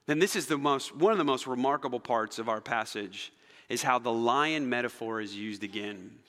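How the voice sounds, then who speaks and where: A male pastor preaching a sermon, telling stories dramatically and swinging between loud emphasis and near-whispers. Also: mid-range voice, normal speed. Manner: animated, dramatic storytelling with shifts between loud and soft. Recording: long hall reverb.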